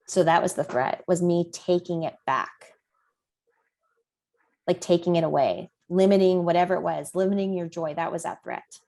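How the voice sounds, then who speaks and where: A woman's voice: fairly low pitch, fairly even intonation, normal speed, creaky, warm tone. A woman, a parent coach, leading a coaching discussion with questions and role-play over a video call.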